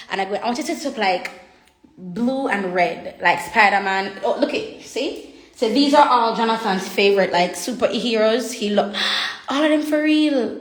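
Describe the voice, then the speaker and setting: A woman's voice: mid-range voice, a bit bright. Chatty woman in an echoey room. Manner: chatty, reads viewer comments aloud. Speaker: livestreamer. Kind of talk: casual livestream chat. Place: home room.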